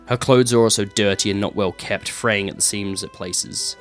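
A man's voice: lowish voice, fairly even intonation, moderate pace, soft background music. A man narrating a tabletop game as game master, describing scenes with many fillers and sound effects.

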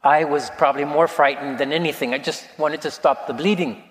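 Man around sixty, priest, soft reflective sermon storyteller, slightly high voice, long hall reverb. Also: fairly even intonation, fairly quick.

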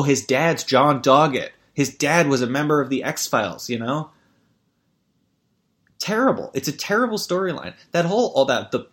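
A man's voice: a little high, a bit bright. A man hosting a podcast in a rambling, stammering comic rant full of swearing and restarts. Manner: rambling, stammering, profane, jumps to mock ad reads. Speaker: podcast host. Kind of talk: rambling comedic podcast chat.

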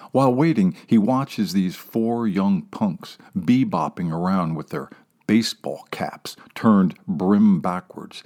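Slow, wry male audiobook narrator. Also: low voice. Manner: wry, sardonic, dips into hushed asides. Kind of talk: scripted narration.

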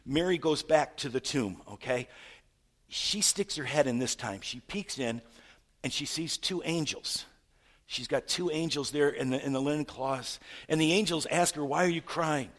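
A man preaching a sermon, retelling a story with stammered repeats and rhetorical questions, swinging from loud to hushed. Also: on the high side, normal speed. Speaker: pastor.

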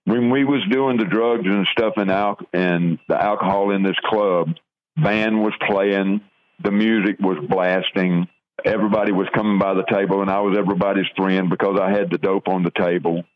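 An older man from the southern United States slowly and earnestly tells his life story in an interview, often stopping to restart. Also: sits low, fairly even intonation. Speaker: guest sharing testimony. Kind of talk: personal testimony in an interview. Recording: dull lo-fi radio audio.

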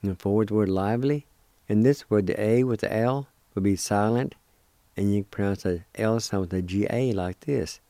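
A male radio host giving a language lesson, spelling and pronouncing words slowly and deliberately. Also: fairly low pitch, mellow, no echo.

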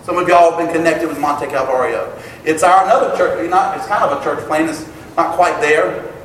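A man preaching a sermon to his congregation, emphatic and building to loud exclamations. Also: on the high side, moderate pace, far from the mic, a little hiss or hum. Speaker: pastor. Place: church sanctuary. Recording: echoey hall, picked up from afar.

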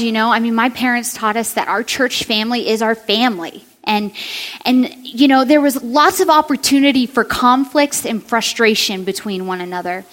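A woman's voice: on the high side, big-room sound. A young woman preaching an earnest, conversational sermon and speaking directly to the women listening.

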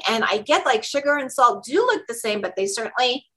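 A woman co-hosting a casual podcast, chatting and telling a story in an animated way. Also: sits high, fast talker, poor audio. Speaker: podcast co-host. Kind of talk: casual chat.

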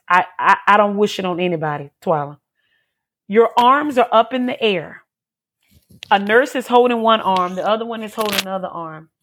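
A woman giving an emotional personal testimony as an interview guest, talking earnestly and repeating herself as she tells her story. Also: on the high side.

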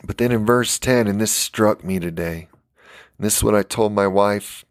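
A man's voice: lowish voice, normal speed, no room sound, studio quality. An American man preaching a fiery live-stream sermon for his podcast, emphatic and tired. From United States.

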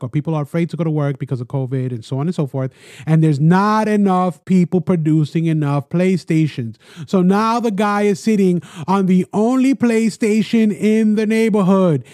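Male solo podcast host, animated and direct with listeners, higher-pitched voice. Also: brisk, no echo, studio quality. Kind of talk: casual solo podcast monologue.

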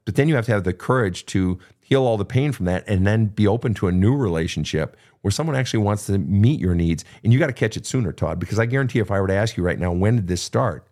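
A man's voice: fairly low pitch, expressive, fast, hardly any pauses, a little mellow. Blunt, profane man giving advice. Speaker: podcast host answering listener questions. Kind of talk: unscripted advice talk.

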